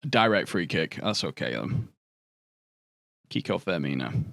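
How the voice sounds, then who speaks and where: A man's voice: low-pitched, very animated, measured pace, vocal fry, a bit bright, dry recording. A young man casually commentating a game stream and chatting with viewers, swearing often and bantering.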